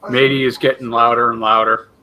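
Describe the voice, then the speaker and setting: A man's voice: medium pitch, level tone, brisk, bright, forceful tone, low-quality recording. A laid-back man in a casual chat, often agreeing and chiming in.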